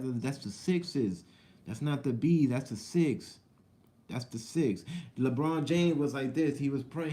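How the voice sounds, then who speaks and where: Man, vlogger, casual live-stream chat, rambling, repetitive, mellow tone. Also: mid-range voice. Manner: rambling, repetitive, talks to viewers directly. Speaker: vlogger and channel host.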